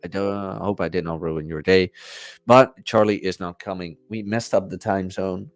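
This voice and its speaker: A man's voice: deep voice, normal speed, no echo, faint music behind. A young man hosting a podcast, casually telling a story and acting out the people in it. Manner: animated storyteller acting out quoted voices. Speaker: podcast host.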